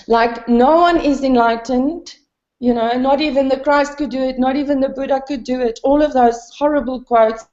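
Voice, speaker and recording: A woman talks through her doubts in a candid spiritual conversation, rambling with many fillers and laughing at herself. Her voice sits high. The recording is roomy and muffled. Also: a little mellow. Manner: self-deprecating, laughs often. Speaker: satsang participant. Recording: dull, roomy, low-fidelity.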